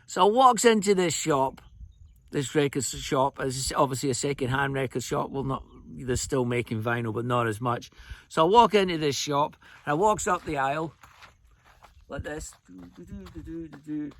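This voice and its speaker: A man's voice: mid-range voice, normal speed, a bit bright. A Scottish man from Scotland, probably in his fifties, telling jokey, rambling anecdotes outdoors by a remote road in a casual vlog. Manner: chatty, jokey, rambling storyteller. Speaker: fly-tying vlogger.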